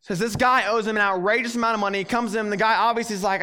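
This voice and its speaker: A young man with a high, light voice preaches in a loose, conversational way. He tells the story with plenty of energy and slips into the voices of its characters as he goes. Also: rapid-fire, few pauses, smooth. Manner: animated, acts out the story's characters. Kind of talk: casual storytelling sermon.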